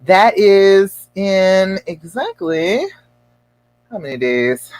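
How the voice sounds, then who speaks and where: A woman relationship coach speaks casually and directly to her livestream viewers. She tells stories in an animated, expressive way and keeps encouraging them. Her voice sits at a middle pitch and sounds dry and close. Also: extremely slow, dry recording. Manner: chatty storytelling, animated and expressive.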